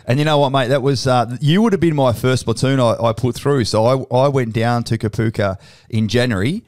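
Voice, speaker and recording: A man's voice: mid-range voice, fairly quick, a little mellow. A middle-aged Australian man hosting a podcast interview, chatty and laughing often, swearing freely. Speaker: podcast host.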